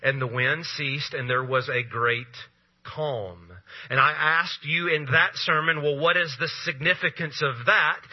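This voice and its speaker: A male pastor preaching a sermon, asking rhetorical questions and pausing for effect, with a husky voice. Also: a little high, dull audio.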